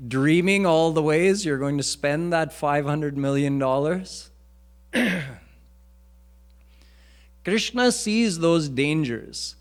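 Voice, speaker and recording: A male swami gives a devotional lecture in a temple, speaking slowly and earnestly. His voice sits fairly high for a man, and he sometimes breaks into chanted verses. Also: expressive. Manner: slow, earnest teaching with chanted Sanskrit verses. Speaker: swami preacher. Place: temple hall.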